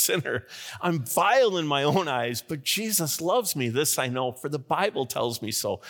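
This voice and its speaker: A middle-aged male pastor delivers a sermon in an animated style. His voice jumps upward at key points and he chuckles often between phrases. His pitch sits in the middle range for a man. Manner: animated, with sudden rises in pitch and loudness; chuckles often mid-sentence.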